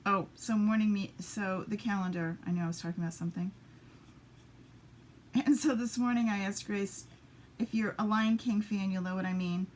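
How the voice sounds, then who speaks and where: Woman doing a casual crafting livestream, chatty, mumbles to herself while she works, mid pitch, bit of faint background hiss. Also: fairly even intonation, moderate pace, a little mellow. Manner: chatty, mutters asides to herself while working. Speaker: papercraft demonstrator. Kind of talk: casual live-stream crafting chat.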